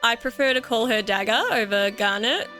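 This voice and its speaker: A woman in her thirties with an Australian accent, giving gushing, excitable commentary on a game she loves. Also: a little high, moderate pace. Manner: excitable and gushing, laughs often. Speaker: let's play gamer. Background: faint game music.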